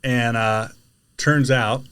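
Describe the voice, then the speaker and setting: A man in casual podcast chat, telling a story with lots of energy and shouting out quoted lines. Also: medium pitch, steady tone, slow, smooth. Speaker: podcast guest, delivery driver.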